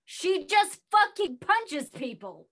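A woman with a high voice, blunt and profane, ranting in a casual podcast chat. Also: big pitch swings, slow pace, a bit bright.

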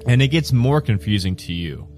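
A man's voice: medium pitch, animated, moderate pace, a little mellow, soft background music. A man narrating a tabletop game as game master in a descriptive way, breaking into laughter now and then. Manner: descriptive, laughs between lines.

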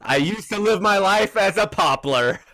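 A man in his thirties co-hosting a casual sports podcast, cracking slow, wry self-deprecating jokes. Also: sits high, animated, sharp tone. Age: 30s. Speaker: podcast co-host.

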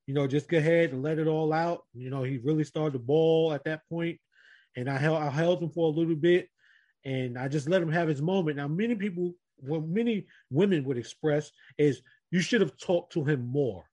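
Here is a man sharing a story on a relaxed group podcast, his voice sitting a little high for a man. He talks earnestly and keeps turning to address the others in the room. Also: normal speed. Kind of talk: casual group podcast chat.

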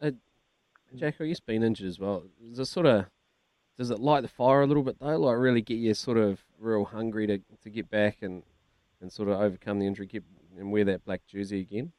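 Kiwi co-host bloke, kinda low voice, cheeky and jokey, dry studio. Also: male voice, a little fast, a little mellow, dry recording. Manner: teasing, laughs a lot. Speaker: radio co-host. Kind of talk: casual radio chat.

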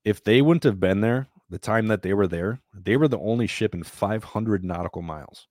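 A man telling a story in a casual, plain-spoken and animated way, sometimes swearing. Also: on the low side, normal speed, no echo, clean studio sound.

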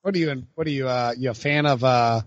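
A man's voice: medium pitch, fast talker, no room sound, lo-fi sound. A man hosting a casual sports podcast, rambling with lots of fillers and laughing as he talks. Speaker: podcast host.

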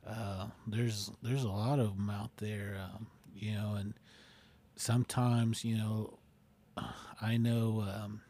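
A man with a lowish, mellow voice talks casually on a podcast. He speaks in relaxed bursts, pausing on "you know" and "um" between ideas. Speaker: podcast co-host. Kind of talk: casual chat.

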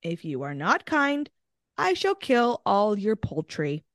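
A woman's voice: mid-range voice, wildly swooping pitch, slow pace, no echo, clean studio sound, full character voice. A woman voicing a boastful, threatening male talking mongoose spirit, reading his words dramatically. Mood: menacing. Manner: dramatic quoted read-out, rising to a shout.

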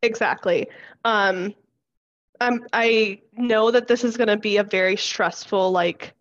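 A woman's voice: mid-range voice, unhurried. Young woman co-host rambling casually w/ lots of "like", kinda dull lo-fi sound. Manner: chatty, many fillers like "like". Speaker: podcast co-host. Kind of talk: casual chat.

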